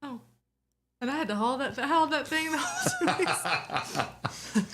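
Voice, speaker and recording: Animated woman telling a story. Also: sits high, a little slow, background noise. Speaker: guest. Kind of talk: casual chat.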